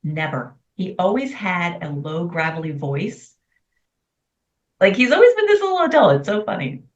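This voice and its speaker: A middle-aged woman speaks in a lowish voice, chatty and expressive as she tells stories in an interview. The recording is dull and roomy, as if she sits some way from the mic. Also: moderate pace. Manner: chatty, expressive, quotes herself in lively voices. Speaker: guest. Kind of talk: candid interview storytelling. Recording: far from mic in an echoey room, dull sound.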